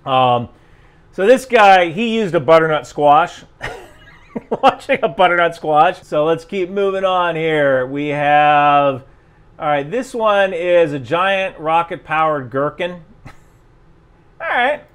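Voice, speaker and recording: A man's voice: fairly high pitch, lively intonation, takes it slowly, a bit bright, smooth. A man from New Jersey with a General American accent, still touched by New Jersey, giving rambling casual commentary and chuckling often. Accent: General American, softened New Jersey. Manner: chuckling, rambling, self-interrupting. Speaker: YouTube commentator.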